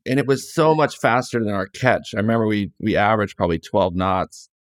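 Middle-aged man from California, storytelling guest, low voice, relaxed and rambling, dry close sound. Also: brisk, no echo. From California, USA. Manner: relaxed, rambling, frequent restarts and quoted dialogue. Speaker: guest author. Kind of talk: casual storytelling interview.

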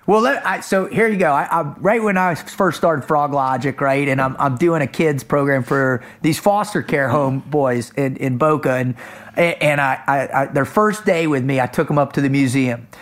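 A man co-hosting a podcast, telling an emphatic, energetic story with quick restarts. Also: mid-range voice. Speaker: podcast co-host. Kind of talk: casual storytelling chat.

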